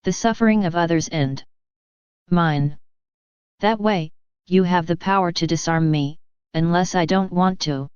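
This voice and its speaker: Jesus, gentle sorrowing man, read by a woman; low-ish, very clear, dry, a bit muffled. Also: unhurried, long pauses, dry recording, natural voice. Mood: tender sorrowful.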